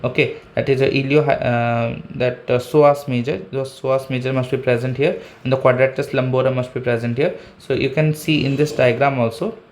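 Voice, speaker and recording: A man's voice: mid-range voice, level tone, moderate pace, hardly any pauses. Indian man teaching anatomy with a diagram. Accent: Indian English. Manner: explains step by step with frequent "okay" and "uh"; points at a diagram while explaining. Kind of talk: online medical lecture.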